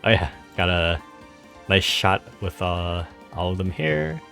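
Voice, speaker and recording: Low-voiced man casually narrating a travel vlog. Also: lively intonation, slow, vocal fry, sharp tone, soft background music. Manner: rambling, filler-heavy, laughs often. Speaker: travel vlogger.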